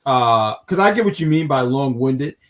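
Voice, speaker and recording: A man's voice: medium pitch, animated, moderate pace. Joking, rambling male podcast co-host. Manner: joking, rambling with stammered restarts. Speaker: co-host of a wrestling review show. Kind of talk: casual chat.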